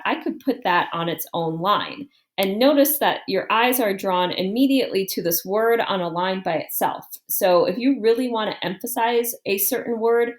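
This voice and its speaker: A woman explains a writing lesson step by step in a calm, measured voice. Her pitch sits in an ordinary middle range, and she thinks aloud as she works through her example. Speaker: teacher. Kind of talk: classroom writing lesson, screen walkthrough.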